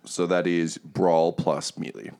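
Deep-voiced guy gm-ing a tabletop game, lots of ums and uhs. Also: steady tone, slow, creaky, dark tone. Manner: hesitant, full of ums and uhs. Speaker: game master.

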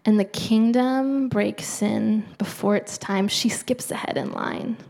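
A middle-aged woman giving an earnest, conversational sermon, often trailing off into soft near-whispers. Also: a little high, steady tone, takes it slowly, gravelly. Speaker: preacher.

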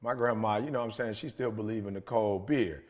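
A man's voice: lowish voice, a little fast, crowd noise. A young man co-hosting a podcast, telling a story animatedly in slangy casual speech and laughing often. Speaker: podcast co-host.

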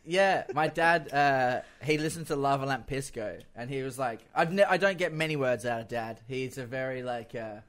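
Animated male storyteller. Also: medium pitch, normal speed, few pauses. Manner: animated storyteller who acts out quotes. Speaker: guest musician. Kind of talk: casual chat.

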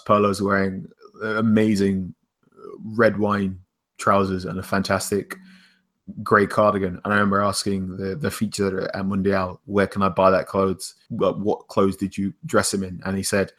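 A man's voice: low-pitched, flat delivery, moderate pace, fairly bright tone. A man co-hosting a casual football podcast, opinionated and chatty. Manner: opinionated, names hero and villain of the week. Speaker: podcast co-host.

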